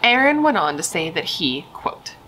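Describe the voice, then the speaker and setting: A woman's voice: fairly low pitch, very animated, normal speed, pushed and bright, faint music behind, rough recording. A young woman casually telling a true crime story, emphatic and chatty, swearing and saying dude and like.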